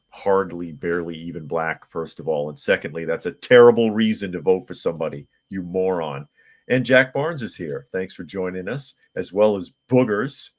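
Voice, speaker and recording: A man hosting a live podcast, reading viewer comments and news articles aloud with blunt opinions and frequent restarts. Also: low voice. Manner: frequent restarts and filler words. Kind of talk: casual live-stream commentary.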